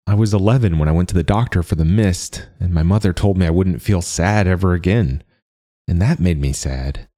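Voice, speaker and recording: A man voicing a nervous, halting first-time buyer. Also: low-pitched, dark tone. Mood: reflective. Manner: hesitant, halting.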